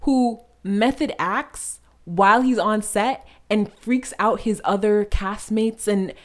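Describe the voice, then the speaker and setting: A young woman, an actress, talking casually as a podcast guest, animated and quick to laugh, with plenty of filler words. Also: medium pitch. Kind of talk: casual conversation.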